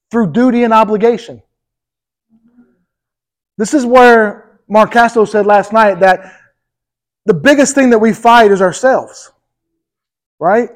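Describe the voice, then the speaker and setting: High-voiced man preaching emphatically. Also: rough recording. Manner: energetic, emphatic preaching with rising intensity; addresses the congregation directly, with repeated "okay?" and "right?". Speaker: pastor. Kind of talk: sermon.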